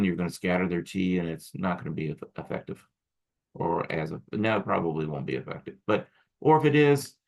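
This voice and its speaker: Speaking to acupuncture students in a recorded lecture, this male instructor has a low, darkish voice marked by vocal fry. His delivery is casual and rambling, peppered with restarts and side comments.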